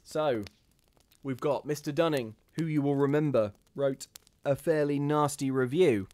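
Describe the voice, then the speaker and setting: A man's voice: fairly high pitch, unhurried, dark tone. A man hosting a live ghost story reading, chatting casually with his viewers between passages in a self-deprecating way.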